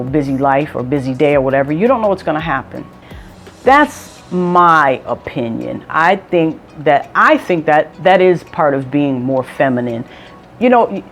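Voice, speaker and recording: A woman vlogger giving casual advice, talking emphatically and repeating points for stress. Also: on the low side.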